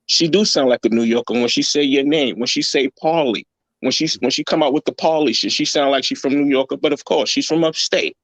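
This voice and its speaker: A man's voice: medium pitch, a little fast, no echo. A man hosting a casual reaction chat, talking in a blunt, heated way full of swearing. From New York. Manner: blunt, heated, profanity-laced ranting. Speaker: host.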